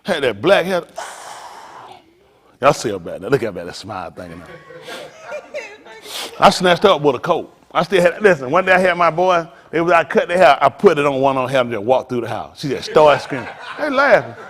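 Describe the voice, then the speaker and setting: A middle-aged man pastor, teasing and preaching to his congregation in a joking, animated way. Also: on the high side, moderate pace. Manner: animated, teasing, talks straight to the crowd. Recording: long hall reverb.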